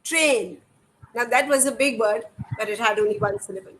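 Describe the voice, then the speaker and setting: A woman's voice: on the high side, normal speed, a bit bright, low-quality recording. A middle-aged woman with an Indian English accent, explaining reading activities to parents in a patient, demonstrative way and asking rhetorical questions. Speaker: educator. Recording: faint background noise.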